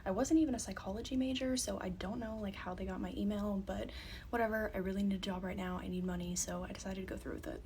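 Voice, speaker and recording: A young woman in her twenties telling a creepy job-scam story in a hushed, confiding way. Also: medium pitch, steady tone, fast. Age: 20s. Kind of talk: casual storytime. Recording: faint background noise.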